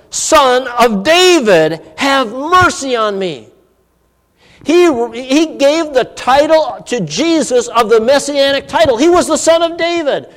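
A man preaching a sermon, animated, swinging between emphatic peaks and hushed asides. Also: high-pitched, big-room sound.

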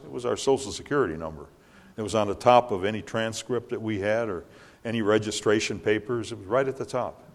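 An older man preaching with a somewhat low voice, his words ringing with long hall reverb. He tells his points plainly and then rises sharply in pitch and volume to drive them home. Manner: preaching, swelling loud and high on key lines. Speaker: pastor. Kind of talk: sermon.

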